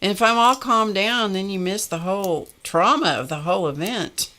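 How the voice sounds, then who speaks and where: A woman's voice: mid-range voice, lively intonation, moderate pace, sharp tone. A woman hosting a casual art live stream, chatting while she works and laughing often. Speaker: art livestream host.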